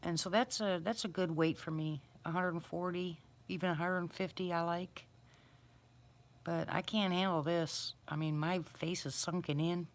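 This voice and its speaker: A woman's voice: lowish voice, fairly even intonation, moderate pace. A middle-aged woman hosting a casual livestream, chatting and answering viewers by name. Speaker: livestream host. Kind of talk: casual live chat with viewers.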